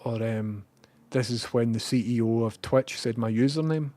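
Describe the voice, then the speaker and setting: A Scottish man chatting casually on a live stream. He rambles, swears freely and now and then bursts out loudly. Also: medium pitch, moderate pace, dry recording. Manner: rambling and profane, with bursts of loud excitement.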